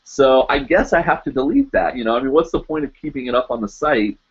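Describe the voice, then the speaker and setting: A man's voice: medium pitch, quick pace, breathy edge. A man hosting a casual live chat, rambling and searching for words, full of fillers and restarts. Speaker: podcast host. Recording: dull lo-fi stream audio.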